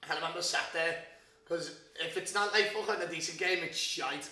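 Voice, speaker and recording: A man's voice: on the high side, brisk, pushed and bright, far from the mic. Sweary, laughing man. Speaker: podcast co-host. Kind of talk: casual chat. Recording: roomy, off-mic sound.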